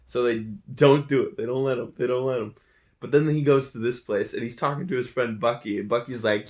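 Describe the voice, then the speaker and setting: Recapping a movie in casual chat, this host laughs a lot and acts out the lines in silly voices, playful and giggly throughout. His medium-pitched voice is steady and darkish, and he talks a little fast.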